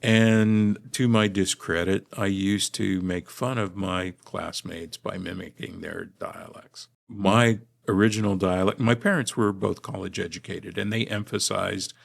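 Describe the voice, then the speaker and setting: La-raised professor guy on a podcast, super gravelly, calm and articulate. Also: sits low. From Los Angeles, USA. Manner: measured, articulate academic delivery. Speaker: guest linguistics professor. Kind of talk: podcast interview storytelling.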